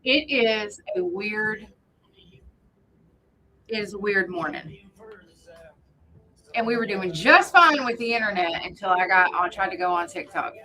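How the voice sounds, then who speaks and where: A woman's voice: medium pitch, animated, measured pace, long pauses, pushed and bright, poor audio. A woman hosting a casual morning radio show, chatty and rambling as she greets listeners by name. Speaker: radio host. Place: radio studio.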